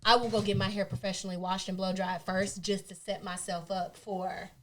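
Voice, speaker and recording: A woman's voice: mid-range voice, little pitch movement, a little fast. A woman co-hosting a podcast, chatting casually and telling blunt, profane stories with acted-out quotes. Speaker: podcast co-host. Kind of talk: casual chat.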